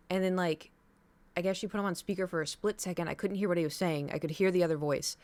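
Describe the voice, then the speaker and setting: A woman's voice: lowish voice, fast. Chatty rambling woman streamer. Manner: chatty, rambling, animated retelling. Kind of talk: casual storytelling to a stream chat.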